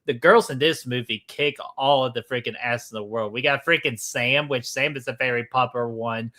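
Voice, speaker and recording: Male co-host, loose rambling enthusiast, bright tense tone, casual stream chat. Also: medium pitch, a little fast. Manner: rambling, enthusiastic, says "freaking" a lot. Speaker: podcast co-host. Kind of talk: casual livestream movie chat.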